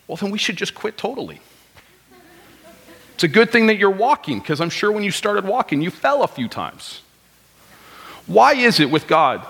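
Man, thirties, pastor, conversational sermon, rhetorical questions, slightly high voice, long church reverb. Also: very animated, moderate pace, creaky, long pauses, pushed and bright, slightly rough. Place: church sanctuary.

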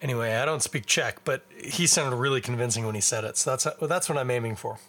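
Bright-voiced Canadian man, rambling podcast chat. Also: medium pitch, fast. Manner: rambling, self-deprecating, chatty while eating and drinking. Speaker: podcast host. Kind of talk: casual solo podcast chat.

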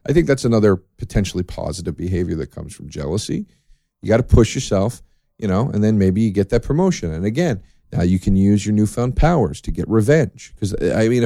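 A man's voice: on the low side, vocal fry, no echo. Sardonic man ranting on a podcast. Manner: profane, sardonic rambling with dark jokes. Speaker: podcast host. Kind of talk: solo podcast monologue.

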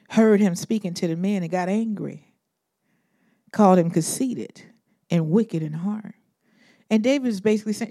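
A woman preaching a sermon. She is animated and swings between loud emphatic bursts and hushed asides, acting out Bible figures in modern slang. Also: on the low side, vocal fry, dry recording, clean studio sound.

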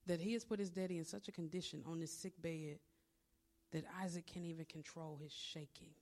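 Conversational woman preacher, lower voice. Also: fairly quick. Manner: conversational, animated storytelling. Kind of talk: sermon.

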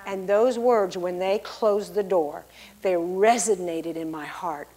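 A middle-aged pastor's wife giving a lively church testimony, acting out the people she quotes. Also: lowish voice, slow. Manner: storytelling, acts out the people she quotes in big, loud voices.

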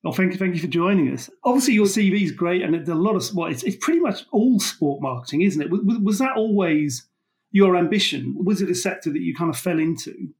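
A man hosting a trade podcast, reading a brisk introduction and then asking questions with some stumbling. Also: sits high, expressive, darkish tone. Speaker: podcast host, features writer.

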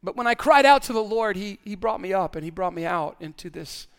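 A man's voice: high-pitched, expressive, fairly quick, smooth. A male pastor preaching a sermon in an earnest way, often repeating words as he stresses a point.

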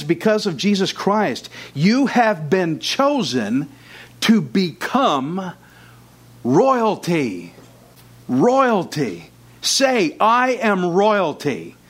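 A man's voice: sits high, slightly rough. A man preaching a sermon with fervor, who acts out his listeners' doubts in short quotes.

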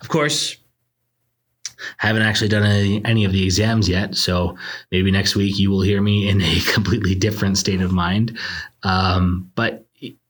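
A man's voice: sits low, level tone, normal speed, a bit bright, slightly rough. A young man, a law student, hosting a casual solo podcast, talking in a rambling, reflective and self-deprecating way. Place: indoors late at night.

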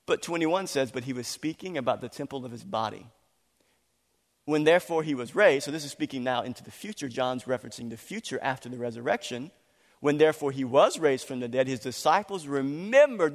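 A man preaching a sermon as a pastor, animated and acting out voices when he quotes people, laughing now and then. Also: medium pitch, a little fast. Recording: long hall reverb.

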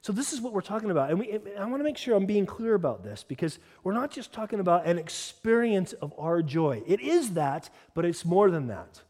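A man's voice: high voice, very animated, fairly quick, hardly any pauses, a little mellow. A man preaching a sermon as a pastor, moving between earnest teaching and casual conversational asides. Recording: long hall reverb.

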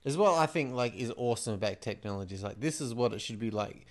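A man's voice: medium pitch, animated, fast talker. A young man in casual chat as a podcast co-host, enthusiastic and rambling with lots of "like".

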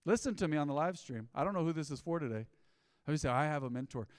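A man's voice: on the high side, animated, quick pace, a little mellow, clean studio sound. Emphatic preaching man, long hall reverb. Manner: emphatic preaching with rising bursts and quoted asides. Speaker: pastor. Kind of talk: sermon. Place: church sanctuary. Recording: live church sermon with long hall reverb.

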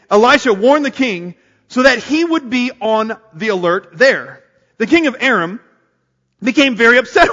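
A man preaching a sermon to a congregation, energetic and calling on them to answer back. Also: very high-pitched, muffled recording. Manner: energetic, calls on the congregation to respond. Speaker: pastor. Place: church sanctuary. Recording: long hall reverb. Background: congregation responding.

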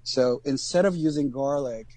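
A man co-hosting a podcast, talking casually in a halting way with many ums and restarts. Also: mid-range voice, dark tone, no room sound. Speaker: podcast co-host.

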